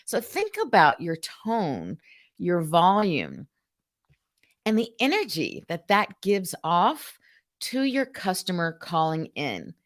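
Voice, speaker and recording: Older woman hosting a lively live talk. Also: on the low side, takes it slowly. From Columbus, Georgia. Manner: demonstrative, acts out phone greetings, reads viewer comments. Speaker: host of a live customer experience show. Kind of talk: live-stream talk to viewers.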